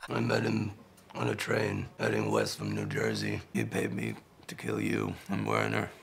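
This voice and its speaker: A gravelly, quiet hitman. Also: low-pitched, very animated, normal speed, slight background noise, heavily acted. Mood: grim.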